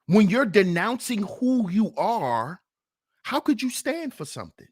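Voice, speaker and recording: A man hosting a livestream, preaching in fired-up commentary with rhetorical questions, swinging between loud challenges and sarcastic muttering. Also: high voice, very animated, a little slow, breathy edge. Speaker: livestream host.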